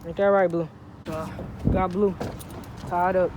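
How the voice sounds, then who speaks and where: A playful vlogger jokes straight into a handheld phone camera, heavy on slang and teasing. The voice sits at an ordinary middle pitch. It is recorded outside in the sun, with clear outdoor noise running underneath. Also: fairly even intonation, unhurried, pauses often. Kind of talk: casual vlog talking to camera. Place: outdoors in sun, near a truck.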